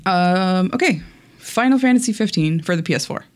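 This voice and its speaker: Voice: medium pitch, expressive, moderate pace. A casual podcast co-host chatting through gaming news, with frequent ums and casual swearing.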